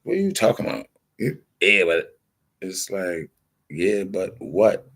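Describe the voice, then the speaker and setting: A man's voice: low voice, sing-song, unhurried, very noisy. A man hosting a casual livestream who rants insistently in streetwise slang and acts out the exchanges he retells. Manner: streetwise slang-heavy storytelling, acting out quoted exchanges; insistent, defensive. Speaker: livestream host.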